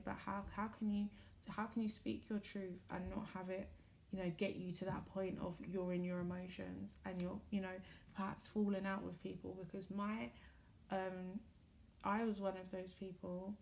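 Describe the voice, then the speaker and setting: A woman giving a casual, rambling spiritual talk to camera, candid and quick to correct herself, with the odd swear. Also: medium pitch, vocal fry, warm tone. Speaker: spiritual reader and vlogger.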